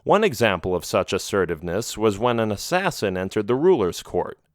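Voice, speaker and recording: A man narrating a children's adventure storybook with a low, steady voice. His reading is measured and even. The sound is dry and close to the mic. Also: no echo. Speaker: audiobook narrator.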